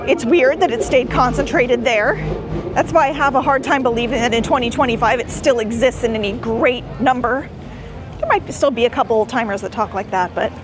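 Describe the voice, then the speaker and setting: A woman hosting a travel vlog, chatting in a rambling, enthusiastic way while walking around outdoors. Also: sits high. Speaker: vlogger host. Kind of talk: casual travel vlog narration. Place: outdoors at a busy beach town. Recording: outdoor street noise behind.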